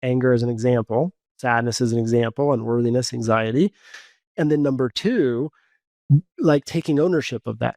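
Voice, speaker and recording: A man's voice: mid-range voice, steady tone, moderate pace, darkish tone, no room sound, clean studio sound. A man coaching in a podcast interview, explaining step by step in an earnest tone and acting out his own inner dialogue. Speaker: guest coach.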